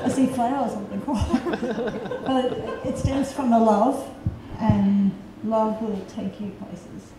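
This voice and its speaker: A woman's voice: fairly high pitch, steady tone, slow. A woman, mother of the bride, giving a tearful, gushing speech with laughs between lines. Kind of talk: emotional wedding speech. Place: wedding reception hall. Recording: echoey room, distant mic, noise.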